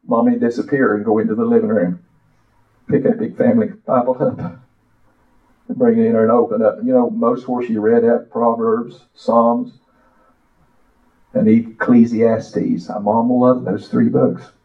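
An older man preaching a sermon, reciting a poem and telling his own story with impassioned, drawn-out phrases. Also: medium pitch, little pitch movement. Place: church. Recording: echoey, distant, dull church audio.

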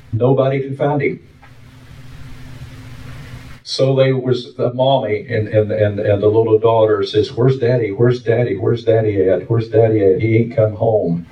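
A man preaching a fervent sermon, telling a story in plain, colloquial rural speech. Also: mid-range voice. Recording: dull, roomy sound from far off.

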